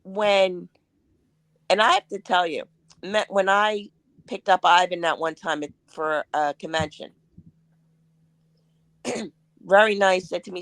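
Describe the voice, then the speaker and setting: A woman's voice: on the low side, measured pace, pauses often, no echo. Woman guest telling anecdotes, dry sound. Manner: animated anecdotes with acted-out quotes. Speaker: interview guest. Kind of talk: casual interview chat.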